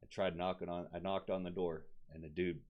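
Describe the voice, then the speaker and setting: A man's voice: sits low, brisk. A man telling a story in casual podcast talk, swearing freely and acting out the people he quotes. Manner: profane, animated, acts out quoted voices. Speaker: guest. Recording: dull lo-fi podcast audio.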